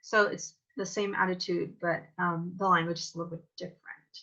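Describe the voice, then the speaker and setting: A woman teaching an acting lesson in a thoughtful, casual way, pausing often with fillers. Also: fairly low pitch, flat delivery, bright, forceful tone, muffled recording. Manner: thoughtful, many filler pauses. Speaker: drama teacher.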